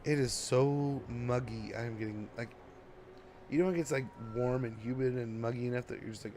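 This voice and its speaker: A sleepy man chats his way through a strategy game on a live stream, rambling loosely to viewers. His voice sits at an ordinary middle pitch, with faint room noise behind him. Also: normal speed, mellow. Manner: chatty and rambling, talking to chat while playing. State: drowsy. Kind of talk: casual gameplay commentary.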